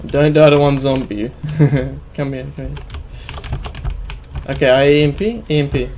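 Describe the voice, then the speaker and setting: A man's voice: medium pitch, flat delivery, normal speed, a little mellow, a little hiss or hum. An Australian man giving casual gameplay commentary, swearing a lot, laughing often and muttering under his breath. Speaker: gamer host.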